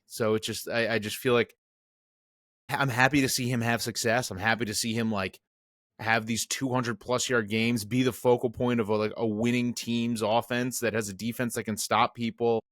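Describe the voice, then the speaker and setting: A man's voice: lowish voice, steady tone, fairly quick, fairly bright tone, dry recording, clean studio sound. A man co-hosting a sports podcast, chatting casually with a rambling, self-mocking manner. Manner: rambling, self-mocking, mimics players in jokey voices. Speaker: podcast co-host.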